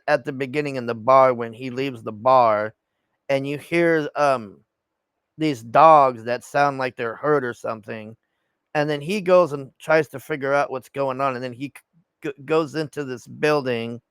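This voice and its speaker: Gravelly man ranting about a movie. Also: mid-range voice, no echo. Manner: rambling, profane, exasperated sighs. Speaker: movie reviewer. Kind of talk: casual ranting movie review.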